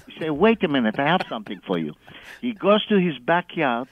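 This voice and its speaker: This caller's voice is on the high side, with big pitch swings and a slightly quick pace. Phoning in to a radio show over a dull line, he spins a long tale full of chuckles, performing the voices of the people he quotes.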